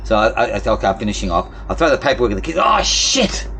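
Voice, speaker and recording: Fast-talking man venting. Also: fairly low pitch, lively intonation, faint music behind. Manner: frustrated, swearing, rambling rant. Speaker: vlogger. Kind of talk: casual venting monologue.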